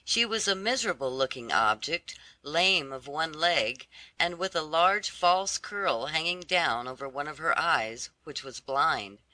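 A storybook narrator reads slowly, the pitch rising and falling with lively expression. The tone is bright and crisp, and the recording is dry and close. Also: no room sound. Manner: slow, lively, storybook delivery. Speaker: audiobook narrator. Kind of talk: scripted narration of a fairy tale.

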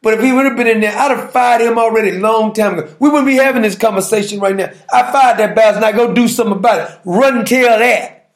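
A man's voice: sits high, quick pace, echoey room. A man hosting a talk show, giving brash, mocking political commentary with lots of repetition.

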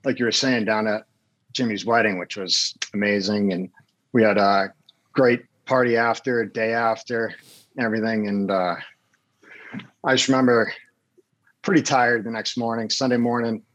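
A man telling relaxed anecdotes in casual chat, with fillers and asides. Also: on the low side, normal speed, long pauses, dull audio. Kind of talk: casual storytelling.

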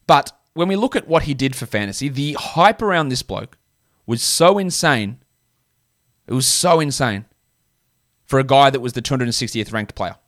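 A man's voice: mid-range voice, a bit bright, dry recording, studio quality. A young man hosting a solo fantasy basketball podcast, talking bluntly and casually with slang while he rattles off stats.

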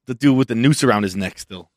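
A man's voice: mid-range voice, quick pace, dry recording, clean studio sound. A young man in casual podcast chat, blunt and crude, with sarcastic asides. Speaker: podcast co-host.

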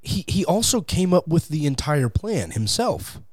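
A man speaking as a guest in a casual interview, animated and acting out quotes in different voices, on a close studio mic. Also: a little high, measured pace, breathy edge, no room sound. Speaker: podcast guest, atheist comedian.

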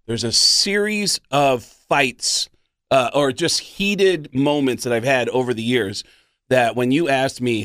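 A man's voice: mid-range voice, slow, dry recording, clean studio sound. A man, a comedian guest, telling stories in casual podcast chat and slipping into impressions. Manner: animated, slips into impressions.

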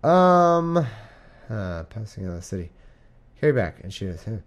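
A man's voice: fairly low pitch, sing-song, moderate pace. Rambling irreverent man reading scripture. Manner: rambling, irreverent, swears, stumbles over names. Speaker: reader and commentator. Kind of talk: casual Bible reading with commentary.

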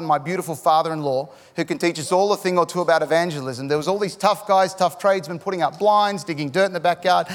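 A middle-aged Australian man preaches with an animated, jokey storytelling manner, pushing up to shouts at the big moments. His voice sits a touch high for a man. It rings out with a long echo, as in a large hall. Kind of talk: sermon with storytelling. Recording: echoey hall.

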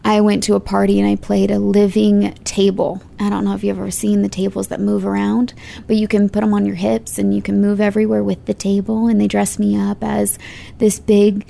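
A woman actress talking about her work in an interview, chatty and expressive, laughing easily. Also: medium pitch, a little fast, vocal fry. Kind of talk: casual interview conversation.

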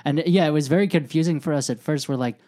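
A co-host chatting casually about a TV episode, agreeing often and talking in a relaxed, easygoing way. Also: medium pitch, fast talker. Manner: agreeable, many short yeahs, relaxed. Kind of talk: casual chat recapping a TV episode.

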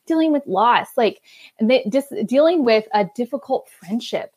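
A woman in her thirties with a slightly high voice, talking on a podcast as a guest author. She tells her stories animatedly, slipping into lively quoted voices. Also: measured pace, slightly rough. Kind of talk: conversational podcast interview.

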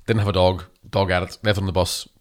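A young comedian with a low-pitched, flat-sounding voice swaps school stories in a relaxed, profanity-laced chat. He tells them quickly and curses freely.

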